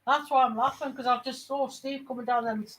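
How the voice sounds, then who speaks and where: A woman at a medium pitch, chatting on a casual home vlog. She rambles through her stories, stopping and restarting her sentences and circling back to repeat herself. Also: steady tone, a little fast, poor audio. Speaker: vlogger. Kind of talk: casual chat.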